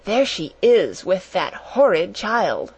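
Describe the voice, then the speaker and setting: A woman's voice: medium pitch, sing-song, slow pace, a little mellow, slightly rough, heavily acted, poor audio. A woman reading aloud, voicing a spiteful, bossy schoolgirl who speaks with a sneer. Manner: sneering, scornful.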